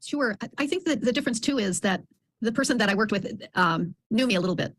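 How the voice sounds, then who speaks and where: Fast-talking animated woman on a call. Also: fairly high pitch, dry recording. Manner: animated storyteller who acts out others' voices. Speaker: program participant. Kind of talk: group video call chat.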